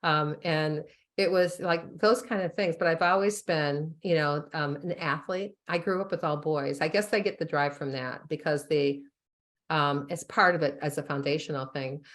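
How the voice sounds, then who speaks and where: A woman physician telling stories in a casual interview, animated and full of "you know" fillers, often breaking into laughter. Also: low voice, normal speed. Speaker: chiropractic sports physician and author, guest.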